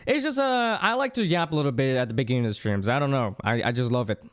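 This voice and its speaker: A young adult livestreamer chatting casually with viewers, rambling and excitable, with many restarts. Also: mid-range voice, quick pace. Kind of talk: casual chat with stream viewers.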